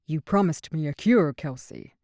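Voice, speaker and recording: A woman's voice: sits low, expressive, normal speed, dark tone, no echo, studio quality. A woman voicing an anguished older king and father, pleading and raising his voice in distress, in an audiobook. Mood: grave.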